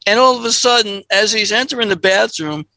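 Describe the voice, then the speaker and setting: A man co-hosting a comedy podcast, telling a funny story in an animated way and acting out the people in it. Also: high-pitched, brisk, creaky, no echo. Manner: animated, jumps into voices for characters. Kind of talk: comic storytelling.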